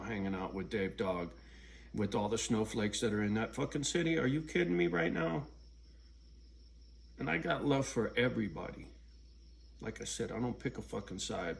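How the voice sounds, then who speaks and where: A man's voice: fairly low pitch, gravelly, a little hiss or hum. A man ranting bluntly and profanely in a casual vlog, alone at home. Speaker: vlogger. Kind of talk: casual rant to camera.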